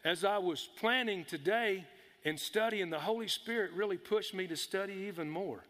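A middle-aged pastor with a high voice tells a folksy story to his congregation, talking straight to the people in front of him. His tone is bright and forceful. The sound rings with a long reverb from a large church hall. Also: moderate pace. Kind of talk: storytelling sermon. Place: church sanctuary.

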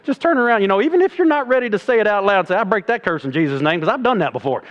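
Fired-up preacher, high voice. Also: male voice, racing, highs cut off. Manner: animated, swings from loud exhortation to low mocking asides; plainspoken, folksy preaching. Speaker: preacher and middle school coach. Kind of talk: sermon.

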